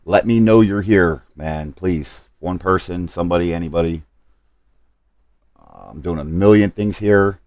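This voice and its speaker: Very low-voiced man rushing through a stream setup. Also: darkish tone, dry recording. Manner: rushed, apologetic, talking to chat while multitasking. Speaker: gaming live streamer. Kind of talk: casual live stream chat.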